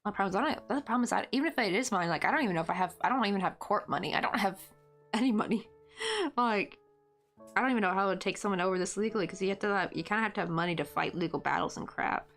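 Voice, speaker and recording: A woman in her late twenties talks very fast during a casual crochet live stream at home, rambling, thinking aloud, and often chuckling between fillers. Her mid-range voice is fairly bright, with faint music in the background.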